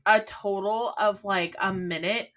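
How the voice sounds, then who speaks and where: A woman in her thirties co-hosting a podcast, telling a story about her morning in a chatty, animated way. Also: mid-range voice, unhurried. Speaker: podcast co-host. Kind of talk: casual chat.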